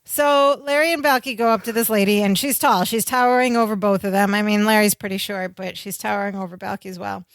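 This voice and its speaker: Female podcast co-host, middle-pitched voice, dry close mic, loose chatty recap full of fillers. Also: fairly even intonation, quick pace, few pauses, dry recording. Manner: chatty, laughs along, uses many "like" fillers. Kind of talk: casual chat recapping a sitcom.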